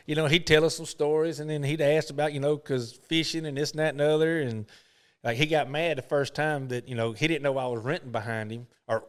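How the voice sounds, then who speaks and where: A middle-aged man, a professional golfer, telling rambling folksy stories in an interview. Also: mid-range voice. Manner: folksy, rambling, lots of "you know". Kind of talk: casual storytelling interview.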